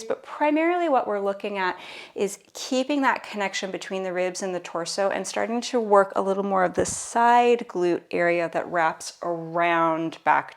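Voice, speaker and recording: Gravelly-voiced woman leading a Pilates class. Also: medium pitch. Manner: cueing moves while exercising, casual and playful. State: out of breath at times. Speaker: Pilates instructor. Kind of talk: guided workout instruction.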